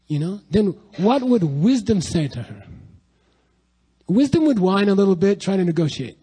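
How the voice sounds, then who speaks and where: A middle-aged man giving a lively spiritual talk to an audience, telling stories and asking rhetorical questions. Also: high-pitched, normal speed, husky, poor audio. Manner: animated, rhetorical questions, storytelling. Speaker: spiritual teacher.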